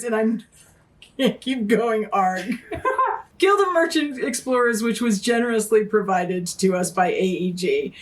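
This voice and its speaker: Brief: middle-aged woman host, high voice with a lively swooping lilt, playful and giggly, unhurried delivery. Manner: giggly, playful, slipping into pirate talk. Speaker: board game podcast co-host. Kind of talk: casual review chat.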